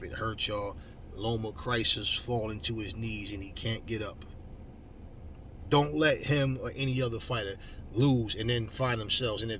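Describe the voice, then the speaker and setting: A man hosting a boxing channel, ranting at viewers, loud and mocking, swearing constantly. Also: fairly low pitch. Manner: loud, mocking, heavy cursing. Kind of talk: profane rant to viewers. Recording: slightly distant mic with faint background noise.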